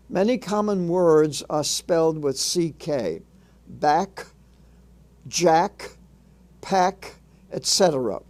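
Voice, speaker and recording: A man narrating a phonics lesson in a measured instructional way, sounding out letters and sounds one by one. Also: on the high side, a little mellow. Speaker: reading teacher.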